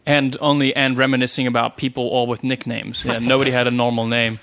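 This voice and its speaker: A man's voice: mid-range voice, little pitch movement, fast talker, vocal fry, fairly bright tone, no echo. A man from South Africa co-hosting a podcast and telling rambling stories in casual chat, often correcting himself mid-sentence. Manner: rambling, self-correcting storyteller. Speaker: podcast co-host, band member.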